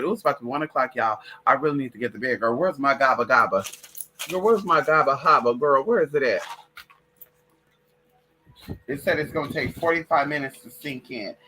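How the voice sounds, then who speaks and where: A woman's voice: deep voice, animated, normal speed, sharp tone, husky. A woman hosting a late-night livestream in casual, profane chat, calling her listeners girl and y'all. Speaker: livestream host.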